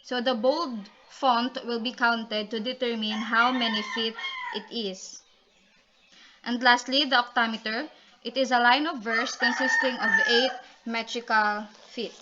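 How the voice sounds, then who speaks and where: A woman's voice: a little high, steady tone, measured pace. A woman presenting a class report, reading definitions with frequent ums and restarts. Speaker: student reporter. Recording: dull lo-fi recording with loud noise.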